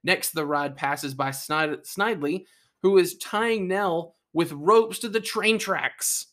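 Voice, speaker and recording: Higher-voiced man reading, then joking. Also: takes it slowly, a bit bright. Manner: reads ride facts then jokes and asides. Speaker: podcast co-host. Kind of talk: casual chat.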